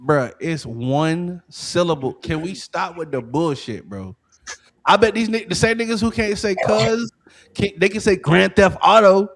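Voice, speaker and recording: Man, podcast co-host, casual chat, emphatic ranting, higher voice. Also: animated, a little slow, fairly bright tone.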